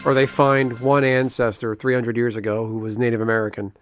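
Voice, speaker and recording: A young man talks casually to his stream audience, drifting from one wry aside to the next. His voice sits at an ordinary middle pitch. Game music plays clearly behind him. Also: level tone, a little fast, hardly any pauses, no room sound. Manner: rambling, wry, chatty asides to chat. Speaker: gaming streamer. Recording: music playing underneath.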